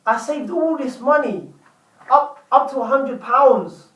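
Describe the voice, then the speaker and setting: A man doing a small boy with a high, pleading voice that keeps nagging his dad. The voice sounds roomy and a bit distant from the mic. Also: expressive, slow, a bit bright, heavily acted. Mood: earnest. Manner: whiny, insistent repeating. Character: pleading little boy begging his father.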